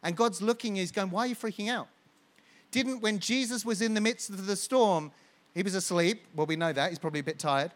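A man's voice: high-pitched, fairly quick. A man preaching a sermon as pastor, building with rhetorical questions and repetition.

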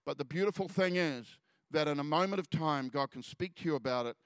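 A man gives a sermon testimony, his voice sitting a little high and recorded dry and close. He speaks earnestly, with halting restarts and phrases that fall away to near quiet before he presses on. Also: no echo. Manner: earnest storytelling, halting restarts, soft drops in volume. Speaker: preacher.

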